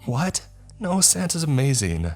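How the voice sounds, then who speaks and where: A man's voice: big pitch swings, measured pace, a little mellow, soft background music. A man voicing a whiny, bratty young boy in a narrated horror-comedy story. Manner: high, whiny, petulant.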